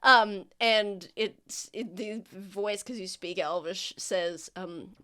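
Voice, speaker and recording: A woman's voice: mid-range voice, steady tone, takes it slowly, bright, forceful tone, clear, resonant tone. Woman game master, rambling, giggly narration. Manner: rambling, filler-heavy, giggly.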